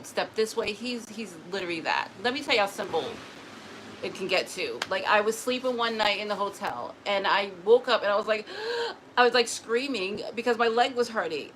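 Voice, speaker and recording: A woman chats to camera in a casual, emotional way, with frequent restarts and repeated words. Her voice sits at a middle pitch. A steady background noise runs under the recording. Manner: chatty, emotional, talks to an unseen spirit. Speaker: spiritual vlogger. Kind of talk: casual personal talk to camera.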